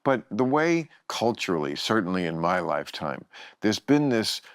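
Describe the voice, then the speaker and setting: A man's voice: on the low side, very animated, normal speed, smooth, no echo, clean studio sound. An older man hosting a casual chat, wry and blunt, with frequent swearing. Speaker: host.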